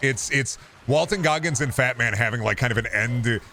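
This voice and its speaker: A man's voice: mid-range voice, moderate pace, sharp tone, a little hiss or hum. A man streaming a game, chatting casually and opinionatedly about movies, swearing often. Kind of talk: casual chat while gaming.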